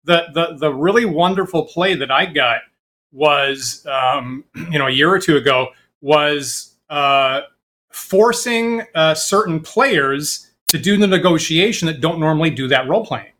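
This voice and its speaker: Middle-aged man, rambling storyteller, bright voice, casual podcast chat. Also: on the high side, measured pace. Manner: rambling storyteller, many fillers and restarts. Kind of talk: casual conversation.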